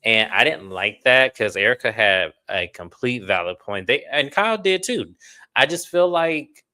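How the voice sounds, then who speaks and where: A man's voice: medium pitch, animated, moderate pace, bright, forceful tone. A man co-hosting a casual reality TV recap, frank and opinionated as he talks it through. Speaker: show co-host.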